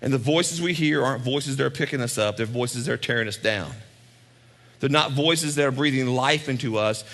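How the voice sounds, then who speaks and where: A man's voice: mid-range voice, fairly quick, fairly bright tone. A male pastor preaching a sermon in a conversational way, with asides and repeated lines for emphasis.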